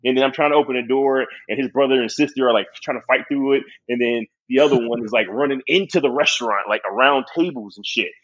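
A man's voice: medium pitch, fast, few pauses, a bit bright, muffled recording. A young man telling a story in casual, profane chat, laughing often.

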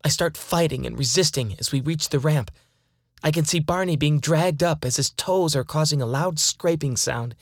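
A woman's voice: deep voice, normal speed, dry recording, clean studio sound. A woman playing a frightened, defiant abductee. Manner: fearful pleading turning to angry defiance. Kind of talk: dramatized first-person account.

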